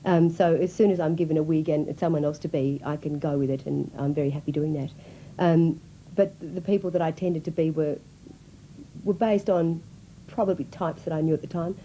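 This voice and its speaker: A woman with a low, very dark and mellow voice, thinking back on her work in an interview. She talks in a self-deprecating, reflective manner, with faint noise behind. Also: fairly even intonation, a little fast, low-quality recording. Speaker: comedic actress.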